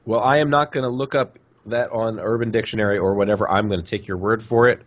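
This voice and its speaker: A man with a cold, co-hosting a casual podcast chat with joking, animated banter. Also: on the low side, quick pace. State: has a cold. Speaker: co-host. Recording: dull lo-fi sound.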